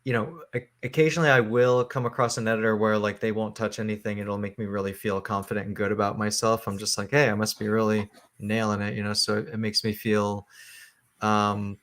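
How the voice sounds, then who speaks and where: Brief: low, even-toned male writer, halting interview talk, lots of fillers. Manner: halting, many fillers and restarts. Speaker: comic book writer, guest.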